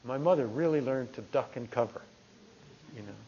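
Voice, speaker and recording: A middle-aged man from New Jersey giving a meditation talk, telling a personal story in a lively conversational way. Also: mid-range voice, normal speed, slight background noise. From New Jersey, USA. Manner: conversational, animated storytelling with restarts. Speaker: meditation teacher. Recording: dull lo-fi talk recording.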